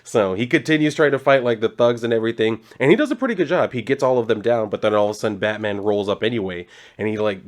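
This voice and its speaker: A man's voice: on the low side, fast talker. A man casually recapping a comic book, loose and rambling, full of filler words and casual swearing.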